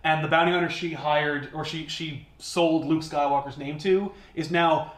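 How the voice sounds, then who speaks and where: A man's voice: fairly high pitch, fairly even intonation, moderate pace, reverberant. A man casually retelling a comic book story on a podcast, acting out the characters' lines.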